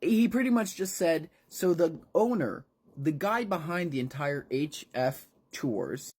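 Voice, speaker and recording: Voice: mid-range voice, measured pace, slightly rough. A narrator casually retelling a horror book in a playful, irreverent way. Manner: playful, swearing, lively retelling.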